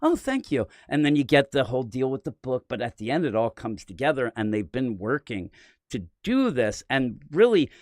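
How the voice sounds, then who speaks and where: A man's voice: mid-range voice, animated, normal speed, dry recording, studio quality. A man hosting a comic book podcast, chatting casually with rambling enthusiasm and lots of fillers. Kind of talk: casual comic review chat.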